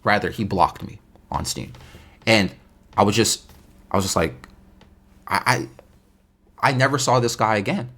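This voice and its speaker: A young man casually telling a story from his gaming life, animated and slangy, often repeating himself for effect. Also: fairly low pitch, unhurried, pauses often.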